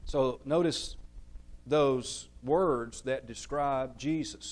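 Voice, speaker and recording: A man's voice: mid-range voice, lively intonation, measured pace, pauses often, darkish tone, low-quality recording. A man preaching a sermon in a church, stressing key words one by one and asking the audience questions, then answering them himself.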